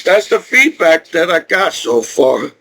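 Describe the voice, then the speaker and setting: A man's voice: on the high side, big pitch swings, measured pace, vocal fry, bright, forceful tone, low-quality recording. A middle-aged male military veteran from New Jersey, ranting angrily and profanely to camera and repeating himself. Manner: agitated, profane, repetitive. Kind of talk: angry rant to camera.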